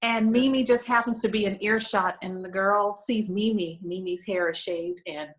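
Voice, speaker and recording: A woman's voice: mid-range voice, fairly even intonation, moderate pace, poor audio. A woman guest on a talk show, sharing an emotional story in an earnest, conversational way, with frequent "you know" fillers. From United States. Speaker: guest, lingerie shop owner.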